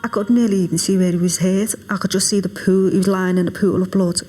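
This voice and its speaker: Grieving mother, flat and subdued, halting testimony. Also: medium pitch. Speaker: mother of victim. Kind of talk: documentary interview recollection.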